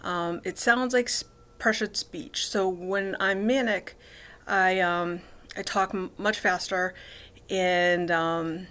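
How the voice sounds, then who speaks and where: Woman vlogger in her thirties, lowish voice, stop-start cluttered delivery full of ums and restarts. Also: steady tone, takes it slowly, fairly bright tone. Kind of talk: casual personal vlog.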